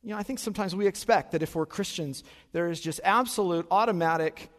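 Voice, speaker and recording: Man preaching in a reverberant hall. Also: a little fast. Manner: preaching, swelling to loud emphatic peaks then dropping low and quiet. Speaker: pastor. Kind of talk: sermon. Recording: long reverb of a large hall.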